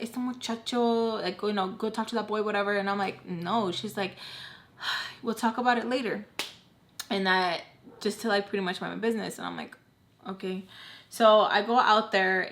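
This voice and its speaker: A woman's voice: medium pitch, creaky, a bit bright. A young woman telling a personal story to camera in a casual, chatty way, full of "like" and acted-out quotes. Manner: chatty, heavy on "like", acts out quoted voices. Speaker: storytime vlogger.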